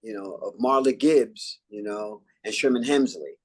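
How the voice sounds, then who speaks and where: An older man from New York, an actor, telling stories in a relaxed interview and acting out old lines and catchphrases. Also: on the low side, measured pace. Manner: animated, acts out quotes and catchphrases. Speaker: actor guest.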